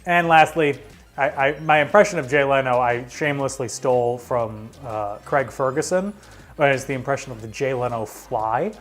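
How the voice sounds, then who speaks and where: A man's voice: medium pitch, normal speed, soft background music. A man hosting a live trivia show, reading out answers with jokey, sarcastic asides. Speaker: trivia game host.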